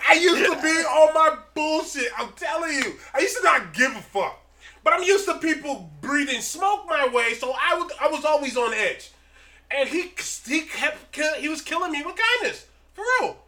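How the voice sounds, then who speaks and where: A man co-hosting a casual chat, telling stories in a profane, animated way and laughing often. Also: very high voice, normal speed. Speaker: podcast co-host.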